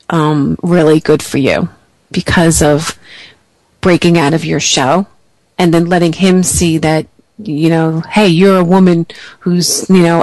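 A woman's voice: sits low, darkish tone, dry recording, low-quality recording. A woman psychic reader giving an encouraging intuitive reading to a caller, full of "you know" fillers.

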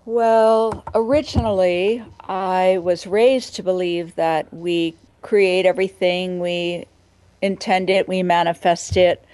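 A woman being interviewed as a guest, telling a personal spiritual story in a reflective, earnest way and slowing down for emphasis. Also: lowish voice, fairly even intonation, darkish tone, no echo, low-quality recording.

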